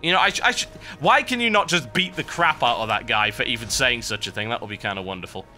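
A man's voice: mid-range voice, expressive, fast, sharp tone. A man giving rambling, sarcastic commentary while playing a video game. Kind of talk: let's play commentary. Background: game music.

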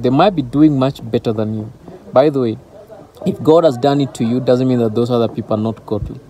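Man, christian teacher, informal devotional talk, warm mellow tone, faint background noise, earnest, repetitive. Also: medium pitch.

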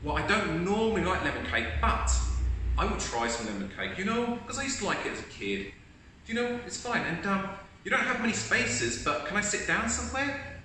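A man's voice: medium pitch, quick pace, hardly any pauses, bright, forceful tone. Man doing a chirpy, grateful coffee customer. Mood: cheerful. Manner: upbeat, grateful, polite. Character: cheerful easygoing male coffee customer. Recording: echoey room, distant mic, faint hiss.

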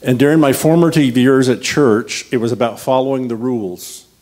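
A man's voice: mid-range voice, normal speed, a little mellow. A man preaching a conversational sermon as a guest speaker, telling personal stories with a humorous, anecdotal manner. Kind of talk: storytelling sermon.

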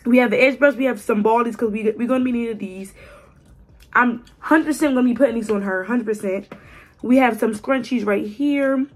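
A young woman in her twenties chatting casually to camera as a beauty vlogger, her voice raspy from a cold, playful and teasing. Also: on the high side, a little fast. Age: 20s. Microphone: phone camera.

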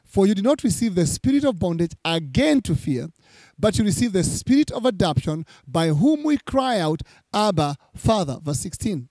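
High, mellow-voiced preacher man. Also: sing-song, moderate pace, dry recording. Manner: preaching with scripture readings and repeated emphasis. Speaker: pastor. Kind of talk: sermon.

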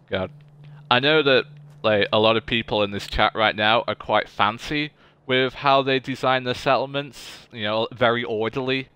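Talking to chat in a chatty, goofy way, a young gaming streamer keeps things casual with his viewers. He has a mid-range, sharp, clear, resonant voice.

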